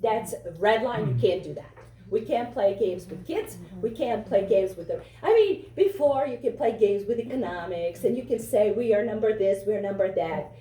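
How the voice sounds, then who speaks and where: Woman candidate with a foreign accent, fired-up and repetitive, mellow and a bit high, echoey room. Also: animated, moderate pace, recorded from a distance. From Europe. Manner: impassioned, repetitive. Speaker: political candidate. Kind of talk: campaign speech. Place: fundraiser venue.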